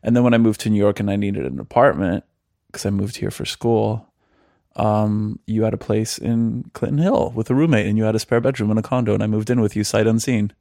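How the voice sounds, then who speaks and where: A man's voice: on the low side, a little fast, creaky, dark tone, dry recording, studio quality. A man chatting casually as a guest at his home, talking in a loose way with many fillers. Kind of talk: casual chat. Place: apartment at home.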